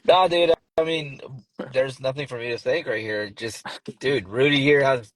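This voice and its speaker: Man, casual chat, agreeable, halting with fillers, mid pitch, dry close sound. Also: a bit bright, dry recording, poor audio. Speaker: guest on a business livestream.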